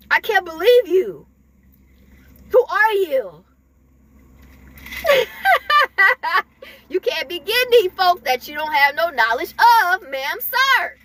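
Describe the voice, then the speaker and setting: A woman's voice: very high-pitched, pushed and bright, no echo. A woman giving an emphatic, repetitive spiritual pep talk to her viewers, chuckling between points. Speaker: spiritual vlogger.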